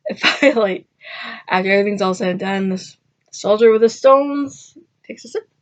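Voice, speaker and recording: Woman storyteller, casual and rambling, mid-range voice, pops into quick character voices. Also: highs cut off. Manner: chatty and rambling, acting out quotes with pitch jumps. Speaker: vlogger.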